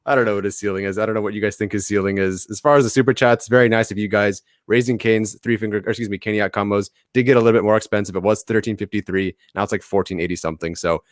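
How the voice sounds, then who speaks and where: Quick talking young guy, wry little jokes, dry close sound. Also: fairly low pitch, fairly even intonation, no echo. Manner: wry, joking asides. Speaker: podcast co-host. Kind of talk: casual sports podcast chat.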